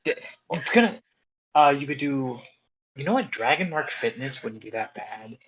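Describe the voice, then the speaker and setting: A man's voice: medium pitch, expressive, unhurried, fairly bright tone, slightly rough. A man playing a tabletop game, eagerly brainstorming ideas aloud. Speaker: player. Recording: dull lo-fi audio.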